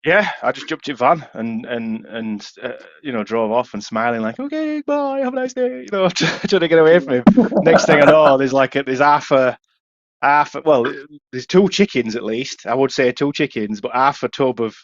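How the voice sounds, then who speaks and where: A young man with a Yorkshire accent spins a casual, swearing-laced anecdote for a podcast. His voice sits in a middle pitch. The sound is dry and a little dull, like a lo-fi home mic. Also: moderate pace, dry recording. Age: young adult. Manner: swears freely, lively anecdotes. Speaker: podcast co-host. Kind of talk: casual storytelling chat.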